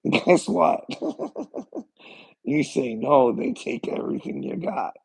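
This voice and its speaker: A man's voice: on the high side, huge pitch swings, slow, gravelly, mellow, breathy edge, poor audio. A man ranting on a solo livestream, profane and mocking, laughing between phrases.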